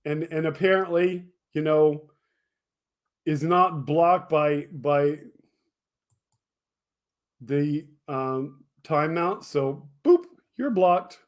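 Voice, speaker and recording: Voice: mid-range voice, very slow, pauses often. Casual livestream host mocking chat. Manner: mocking, talks straight back to chat commenters; laughs often and hard.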